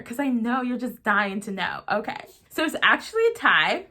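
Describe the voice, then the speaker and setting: A young woman chatting excitedly about books she loves for her vlog audience. Her voice is bright and a touch high. She gushes, giggles and fills every sentence with "like" and "oh my gosh". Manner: gushing, giggly, heavy use of "like". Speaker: book vlogger. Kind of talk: casual book review vlog.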